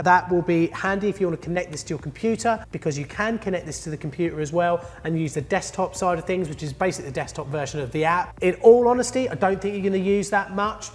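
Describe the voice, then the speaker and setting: A man's voice: on the high side, in a large hall. A man, a plumber, presenting a jokey, upbeat tool review vlog from his studio. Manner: upbeat and jokey, chatty asides. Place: indoor studio.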